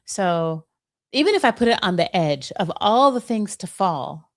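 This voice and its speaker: A woman's voice: medium pitch, very animated, measured pace. A woman co-hosting a live question-and-answer show, talking casually with lots of "like" and "you know". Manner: chatty, fillers like "like" and "you know". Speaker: co-host.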